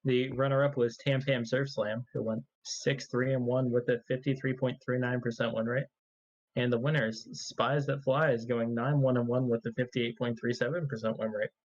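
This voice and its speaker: A man's voice: mid-range voice, fairly even intonation, moderate pace, dull audio. A man presenting esports award results, listing records and win rates in a plain manner. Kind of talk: reading results in casual chat.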